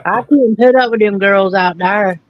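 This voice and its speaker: A woman's voice: medium pitch, moderate pace, slight background noise. Drawling North Carolina woman, lo-fi. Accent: Southern American, North Carolina. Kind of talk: casual chat.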